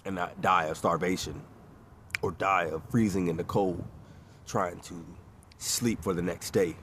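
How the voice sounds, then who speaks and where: A man's voice: deep voice, fairly even intonation, measured pace, slight background noise. A man with a stuffy nose delivering a preachy, rambling monologue that keeps building in urgency. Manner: preachy, rambling, grows louder and more urgent. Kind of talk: impassioned monologue.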